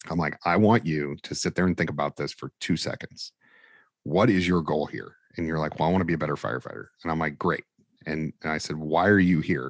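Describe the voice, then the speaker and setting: A man's voice: extremely low pitch, no room sound, clean studio sound. A man, a fire training instructor, telling a story in a casual interview and acting out the quoted dialogue with animation.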